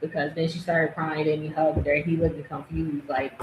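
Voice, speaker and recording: Woman podcast host, casual reaction talk, mid pitch, roomy echoey sound, faint background noise. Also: moderate pace. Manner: animated, laughing, acting out quotes. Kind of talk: casual commentary chat. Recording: echoey room.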